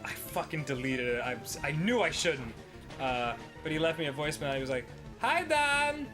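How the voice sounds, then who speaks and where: A man co-hosting a casual comedy show, telling family stories in an animated way and often laughing. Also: medium pitch, a little fast, over music. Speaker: co-host.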